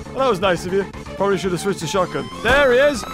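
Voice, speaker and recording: A man giving excitable gameplay commentary, laughing often and yelping at jump scares. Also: sits high, fast, music in the background. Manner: excitable, laughs a lot, yelps and shouts at scares. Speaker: gaming YouTuber.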